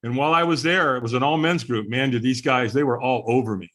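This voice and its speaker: A man's voice: mid-range voice, fast, fairly bright tone. A middle-aged man, a podcast guest, candidly telling his personal story in conversation, earnest and chuckling now and then.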